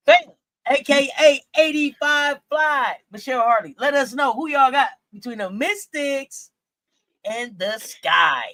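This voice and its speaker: A woman hosting a casual sports talk stream, animated and incredulous, repeating herself as she talks. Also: on the high side, measured pace. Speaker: sports talk show host.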